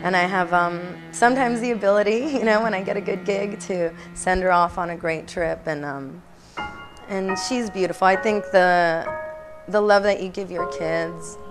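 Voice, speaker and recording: Actress gal giving a chatty bubbly interview, bit low voice, music behind her. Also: normal speed. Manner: bubbly, laughs often, playful asides. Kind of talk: casual interview answers.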